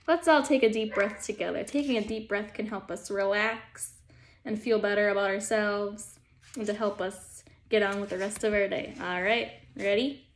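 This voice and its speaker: A woman teacher reading a children's storybook aloud in a gentle, calm manner as she guides young listeners. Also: mid-range voice, slight background noise.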